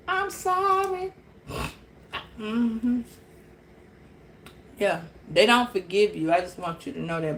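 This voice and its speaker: A woman giving a casual tarot reading, blunt and profane, animated and laughing often. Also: fairly low pitch, slight background noise. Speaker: tarot reader.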